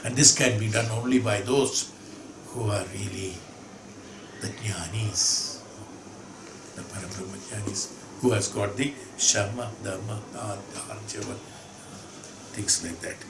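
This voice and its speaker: A man's voice: fairly low pitch, takes it slowly, vocal fry, pauses often. A man teaching a scripture discourse, emphatic, repeating phrases and asking rhetorical questions. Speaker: spiritual teacher. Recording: echoey room with background hum.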